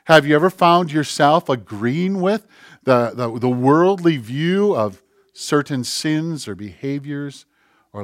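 A man preaching a sermon, moving between soft, conversational asides and forceful, rising preaching. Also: fairly high pitch, no room sound, studio quality. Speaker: pastor.

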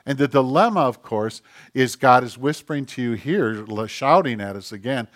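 A man preaching a sermon as a pastor, emphatic and direct, dropping into hushed tones when he voices other people. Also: mid-range voice, lively intonation, moderate pace.

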